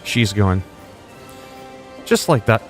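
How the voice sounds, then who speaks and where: A man's voice: fairly low pitch, very animated, takes it slowly. A man casually commenting while streaming a strategy game, brash and profane, slipping into mock-regal lines. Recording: faint game music behind.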